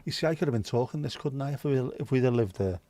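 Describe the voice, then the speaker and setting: A man hosts a relaxed livestream, rambling and musing aloud to his viewers and swearing freely as he goes. His voice sits at an ordinary middle pitch. The sound is dry and close, with no room echo. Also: quick pace. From Wales. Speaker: livestream host. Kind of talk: casual chat with viewers.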